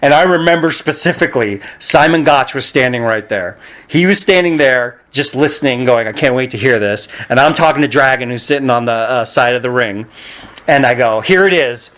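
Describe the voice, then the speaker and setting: A man in his forties, a podcast guest, telling stories in a casual chat and acting out quotes in a higher voice. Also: fairly quick. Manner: animated, laughing, acts out quotes in a higher voice. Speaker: podcast guest, pro wrestler.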